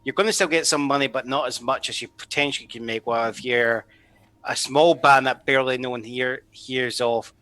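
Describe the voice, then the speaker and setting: Bright laid-back man, dry sound. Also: medium pitch, steady tone, normal speed, no room sound. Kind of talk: casual chat.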